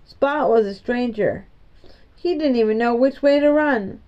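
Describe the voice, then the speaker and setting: A woman reading the lines of an eager, stubborn young boy, insistent and excitable, in a storybook reading. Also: a little high, a little slow, close to an everyday voice. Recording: dull lo-fi recording.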